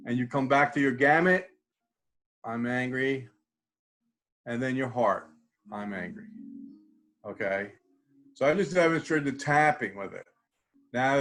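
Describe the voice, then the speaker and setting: A man's voice: mid-range voice, fairly bright tone. A man teaching a class, walking students through a tapping exercise and repeating phrases as he demonstrates. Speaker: instructor.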